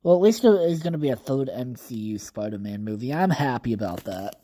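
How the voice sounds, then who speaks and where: A man hosting his own podcast alone, rambling casually from topic to topic, thinking out loud and swearing often. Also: mid-range voice, expressive, a little fast. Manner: rambling, casually profane, thinks aloud with fillers. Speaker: podcast host. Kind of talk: casual solo podcast monologue.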